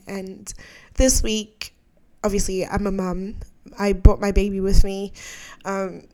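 A woman's voice: medium pitch, darkish tone. A young adult woman hosting a podcast in casual chat, candid and heartfelt, full of slang and "like"s. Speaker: podcast host.

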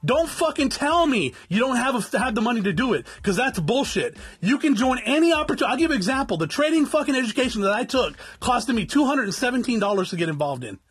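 Speaking very high and sing-song, he talks fast with hardly any pauses, in a tone that's a bit bright and slightly rough. He's a South Tucson, Arizona vlogger in his 40s who bluntly lectures his "guys" through a profanity-packed motivational rant, cursing nonstop.

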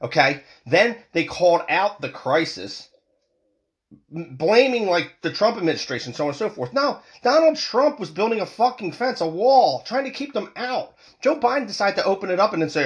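A man's voice: a little high, animated, a little fast, fairly bright tone. A man in his forties from the United States, ranting angrily and profanely as a vlogger, with heated repeated restarts. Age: 40s. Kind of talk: angry political rant.

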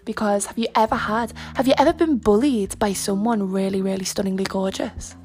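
A woman's voice: mid-range voice, fairly quick, darkish tone, slightly rough. A young woman hosting a podcast, talking in a frank, rambling, casual way full of fillers and asides. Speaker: podcast host. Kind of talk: casual chat.

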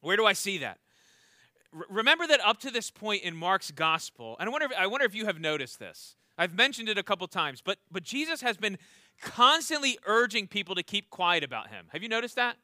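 A man's voice: high voice, sing-song, a little fast, pushed and bright, no echo, clean studio sound. A pastor preaching a sermon in an earnest way, often repeating words as he starts a thought and asking his listeners questions. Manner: asks the congregation questions.

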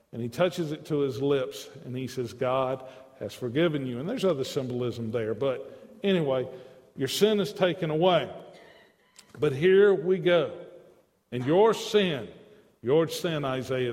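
A man's voice: medium pitch, big-room sound. A man preaching a sermon with passion, his delivery rising and dropping, repeating phrases for emphasis.

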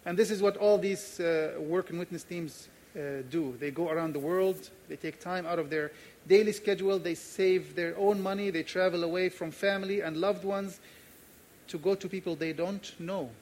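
Jordanian pastor telling a lively story. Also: male voice, sits high, normal speed. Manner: animated storyteller, acts out dialogue. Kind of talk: sermon with personal story.

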